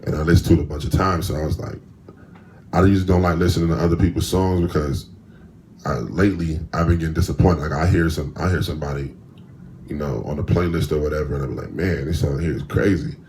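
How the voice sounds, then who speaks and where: Deep voiced guy rambling solo on his podcast, slangy, bit of hiss in the background. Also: steady tone, fast, darkish tone. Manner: loose, rambling, slangy storytelling. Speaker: podcast host. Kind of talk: casual solo podcast monologue.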